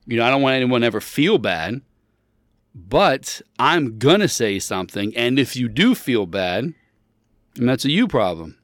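Animated, rambling man telling a story. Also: medium pitch, normal speed, no echo, studio quality. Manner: rambling, self-correcting; animated, emphatic when riled up. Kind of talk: casual storytelling monologue.

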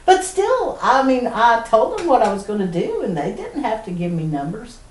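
A woman's voice: fairly high pitch, moderate pace, slight background noise. Southern woman telling a laughing story. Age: middle-aged. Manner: animated storyteller, laughs often mid-sentence. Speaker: podcast co-host. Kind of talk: casual storytelling chat. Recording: roomy sound from a distant mic.

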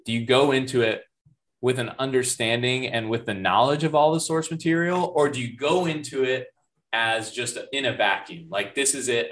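A man's voice: mid-range voice, fairly bright tone. A man co-hosting a casual movie review chat, thoughtful and asking his partner questions. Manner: thoughtful, asks questions, laughs easily. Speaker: podcast co-host.

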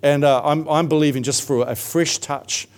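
A man's voice: fairly high pitch, fairly even intonation, moderate pace. Conversational middle-aged male preacher. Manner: storytelling, warm and conversational with frequent fillers. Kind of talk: sermon.

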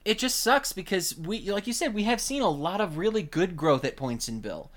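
A man co-hosting a casual podcast who picks apart ideas with thoughtful, analytical care. His voice sits a little higher than most men's. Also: animated, moderate pace, fairly bright tone. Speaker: podcast co-host.

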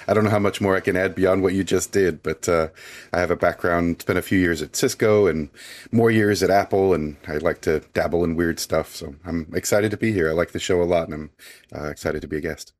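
A man talking as a podcast guest in casual conversation, his voice husky from a cold, explaining things in a relaxed way. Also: deep voice, brisk. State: recovering from a cold, sultry voice.

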